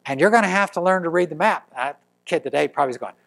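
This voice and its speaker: Middle-aged pastor with a raised voice. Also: male voice, a little high, fast talker, creaky. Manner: storytelling with lively acted quotes. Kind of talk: sermon.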